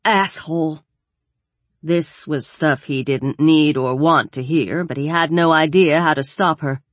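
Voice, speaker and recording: A woman narrating an audiobook in an even, measured storytelling manner. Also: low voice, no room sound. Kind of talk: scripted narration.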